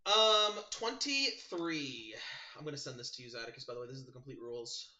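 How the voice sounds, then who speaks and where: A man running a tabletop game as game master, describing scenes and calling for rolls in a quick, lively way. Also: medium pitch, roomy sound. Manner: quick, lively narration with voiced side characters.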